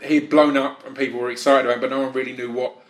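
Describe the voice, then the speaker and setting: A man hosting a casual interview, speaking haltingly with frequent restarts. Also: mid-range voice, flat delivery. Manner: halting, restarts often, many agreeing yeahs.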